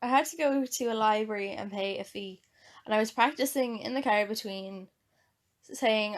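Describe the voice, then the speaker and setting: Co-hosting a podcast, this young Irish woman speaks at normal speed in a mid-range voice. Her casual chat is full of lively storytelling and frequent laughter.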